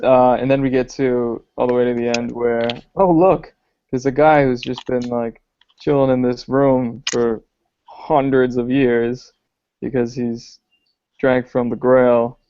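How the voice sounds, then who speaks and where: A man's voice: medium pitch, flat delivery, a little slow, mellow, a little hiss or hum. A man co-hosting a podcast, thinking aloud in a hesitant way with many fillers while discussing films. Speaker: podcast co-host. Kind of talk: casual film discussion chat. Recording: dry, dull lo-fi podcast audio.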